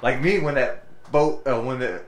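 A man's voice: medium pitch, normal speed. Man talking casually in a roomy space. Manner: relaxed, many fillers and agreeing replies. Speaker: host. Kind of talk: casual interview chat. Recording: roomy echo.

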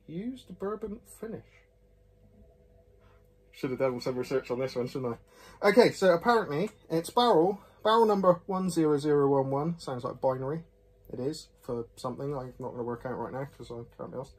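A man's voice: on the high side, normal speed, slightly rough. A man, casually reviewing a whisky in a rambling, jokey, self-mocking way with many fillers.

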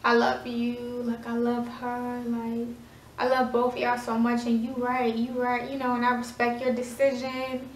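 A woman's voice: fairly high pitch, little pitch movement, a little slow, slight background noise, natural voice. A woman voicing a tearful, remorseful young man in a whispered role-play. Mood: hushed remorse. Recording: echoey room, voice from far off.

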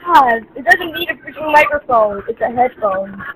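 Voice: high voice, lively intonation, normal speed. Taunting gamer on noisy voice chat. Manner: taunting, dismissive. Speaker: online gamer. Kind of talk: voice chat banter.

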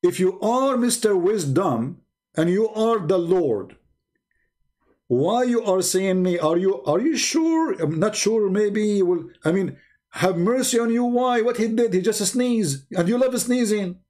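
Sarcastic, high-voiced male commentator. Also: lively intonation, measured pace, darkish tone. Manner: sarcastic, incredulous, broken English grammar. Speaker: host. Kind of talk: mocking religious commentary.

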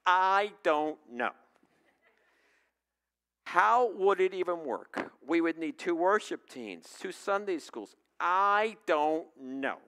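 A man's voice: sits high, animated, takes it slowly, bright, forceful tone. A male pastor preaching a sermon, telling a personal story in a conversational way and putting questions to the congregation.

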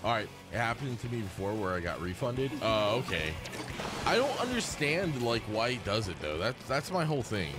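A man streaming a video game live, excitable and apologetic as he chats with his viewers. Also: fairly low pitch, normal speed. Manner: excitable, yelps and laughs during play. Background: game music.

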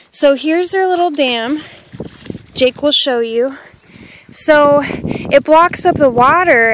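Vlogger: high-pitched Midwestern woman, rambling and chatty, recorded outdoors on a phone. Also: low-quality recording. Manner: chatty and rambling, talks to her dog. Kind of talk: casual walking vlog. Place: outdoors on a country path. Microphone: handheld phone camera.

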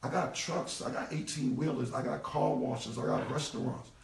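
A man's voice: mid-range voice, moderate pace, gravelly. A forty-year-old man, talking bluntly and repetitively in heavy slang as an interview guest. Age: 40s. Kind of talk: casual interview talk. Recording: roomy, distant from the mic.

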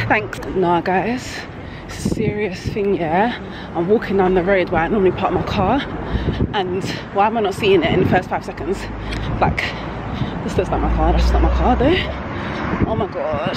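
A young woman, vlogging in casual chat straight to camera, animated and talkative. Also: medium pitch, fairly quick, noisy background. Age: young adult.

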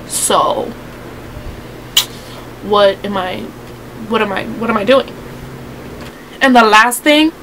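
A sassy teenage girl vlogging about her pet peeves, rambling and getting fired up as she goes. Her voice sits a little on the high side. A faint hiss of noise runs under the recording. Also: a bit bright, rough recording. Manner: sassy, rambling, quick to get worked up. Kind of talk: casual rant to camera.

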